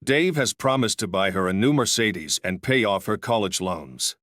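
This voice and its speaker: A man's voice: lowish voice, lively intonation, normal speed, fairly bright tone, no room sound, clean studio sound. A man reading a wife's apologetic lines. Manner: evenly read, little change from narrator. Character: adult woman leaving her husband, apologetic.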